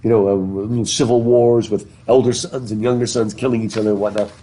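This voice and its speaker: A man's voice: lowish voice, little pitch movement, fairly quick, mellow, a little hiss or hum. A man teaching a literature class in a casual lecture style, chatty, asking his students questions and restarting his sentences with repeated words. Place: classroom, recorded live. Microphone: through a face mask.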